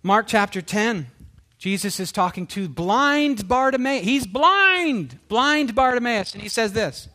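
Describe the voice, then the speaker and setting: A middle-aged man preaches with animated energy, firing off rhetorical questions and acting out the people he quotes. His voice sits high and swoops widely as he drives each point home. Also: unhurried. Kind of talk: sermon.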